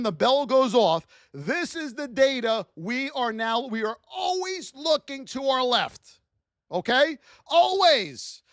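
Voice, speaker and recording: A man with a strikingly high, lively voice teaches trading live, loud and preachy, pushing his points by yelling. The sound is dry and close with no room around it. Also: no room sound. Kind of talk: fired-up livestream teaching.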